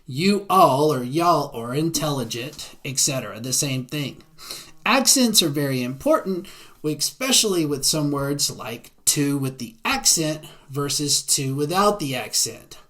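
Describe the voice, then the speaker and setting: A man with a Southern American accent giving a beginner lecture, often checking in with a quick "right?". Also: fairly high pitch, lively intonation, fairly bright tone. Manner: frequent tag "right?". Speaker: Spanish teacher. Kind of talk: classroom lecture.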